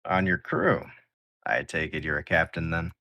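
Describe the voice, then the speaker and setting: A man voicing a polite, smooth-talking man in a suit at a bar in a tabletop game. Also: extremely low pitch, sing-song, moderate pace, bright, forceful tone, no echo, exaggerated voice. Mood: courteous.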